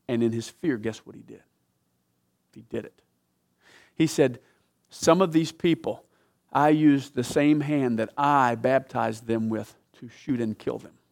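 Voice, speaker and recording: A man preaching a sermon, telling a story with dramatic swings from loud emphatic peaks to hushed, low passages. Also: a little slow, creaky, pauses often.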